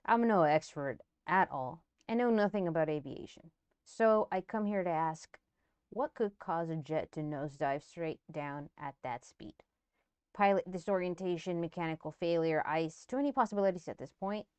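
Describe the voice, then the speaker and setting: A woman's voice: lowish voice, normal speed, a little mellow, clean tone, no room sound. A woman streamer giving casual, sarcastic commentary on news clips, swearing freely. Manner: blunt and profane, sarcastic asides.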